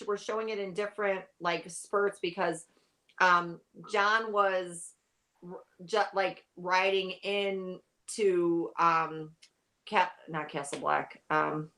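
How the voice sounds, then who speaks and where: A woman's voice: mid-range voice, slow, bright, forceful tone. Woman, guest, tired, rambling, casual chat. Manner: rambling, heavy use of "like". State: tired, yawning. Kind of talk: casual chat about a TV show.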